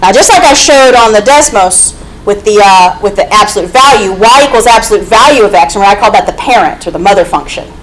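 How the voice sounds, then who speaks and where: A woman's voice: mid-range voice, animated, a little fast, a little hiss or hum, low-quality recording. A woman teaching a math class, explaining step by step and often checking in with "okay?". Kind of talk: classroom lecture.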